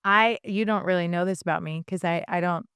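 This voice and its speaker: Woman, 30s, podcast co-host. Smooth, chatty, restarts a lot. Dry studio sound. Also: fairly low pitch, a little fast, dry recording. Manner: chatty, animated storyteller with many restarts and fillers. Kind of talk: casual podcast chat.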